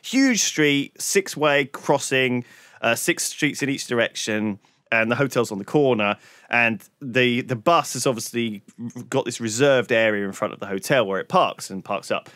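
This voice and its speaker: A podcast co-host tells a long story in casual chat, swearing freely. His mid-range voice moves at a moderate pace with a fairly bright tone, and the clean studio recording has no room sound.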